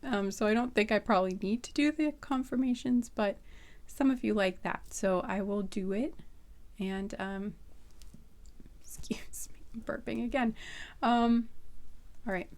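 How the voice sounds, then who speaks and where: A young adult woman giving a casual tarot reading, rambling with many fillers and soft laughs. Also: mid-range voice, moderate pace. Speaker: tarot reader.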